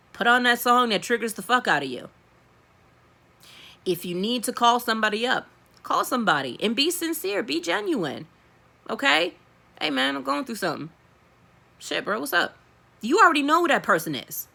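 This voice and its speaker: A woman's voice: a little high, sharp tone. A woman tarot reader giving a blunt, profane and emphatic pep talk in a casual style.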